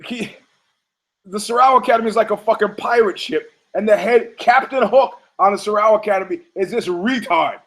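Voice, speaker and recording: A man's voice: high-pitched, normal speed, fairly bright tone, low-quality recording. Rambling, foul-mouthed man on a monologue. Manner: rambling, irreverent, acts out quotes in funny voices. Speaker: podcast host. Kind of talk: profane comedic monologue.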